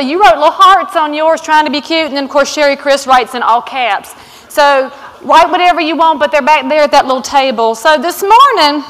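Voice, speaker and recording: Speaking from the stage of a big conference hall, a woman with a Southern accent gives a fiery, blunt keynote, her voice high-pitched and fairly bright. The recording carries a long reverb from the hall.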